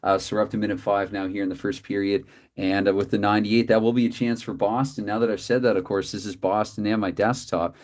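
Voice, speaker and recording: A man calling play-by-play for a dice hockey game from his desk, chatty and quick to correct himself with apologetic asides. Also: on the low side, fairly even intonation, a little mellow. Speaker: tabletop hockey game host.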